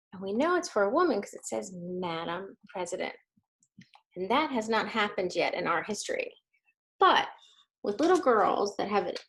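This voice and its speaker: A woman's voice: mid-range voice, vocal fry. A woman reading a children's book aloud at a church service, adding chatty asides for her listeners. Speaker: story reader at a church service.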